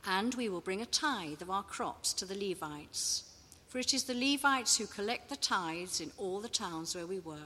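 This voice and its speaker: Bright-voiced woman reading scripture. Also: mid-range voice, expressive, slightly rough, in a large hall. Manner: measured, deliberate phrasing. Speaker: scripture reader.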